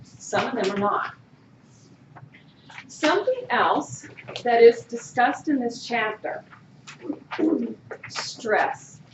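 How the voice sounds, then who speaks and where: A woman with a high-leaning voice lectures a college class slowly, with long pauses, though she's animated, asking students questions and often saying "okay?". The background is noisy, the room echoes, and her voice comes from far off, muffled.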